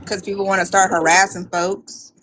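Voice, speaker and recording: A woman's voice: medium pitch, flat delivery, normal speed, fairly bright tone, slightly rough, rough recording. Chatty woman on a livestream. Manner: chatty, playful, laughs often. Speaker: livestream co-host. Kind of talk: casual livestream chat.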